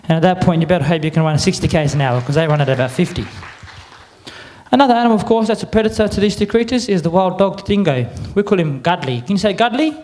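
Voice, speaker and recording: An Australian man presenting to a live audience, chatty and a little croaky, getting the crowd to repeat words back. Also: high voice, animated, fast talker, darkish tone. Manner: chatty, quizzes the crowd with call-and-response. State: a bit croaky. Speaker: cultural presenter. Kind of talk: lively audience address.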